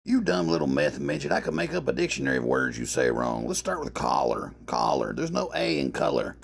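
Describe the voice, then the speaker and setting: A man hosting a radio show, giving sarcastic, deadpan running commentary. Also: medium pitch, fast, creaky, husky. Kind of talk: mocking commentary.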